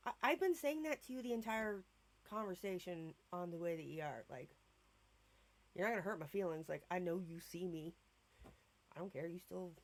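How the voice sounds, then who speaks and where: A woman's voice: lowish voice, vocal fry. A woman in her thirties telling a rambling, self-mocking story in a casual vlog, swearing freely and drifting off topic. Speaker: vlogger. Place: at home, in bed.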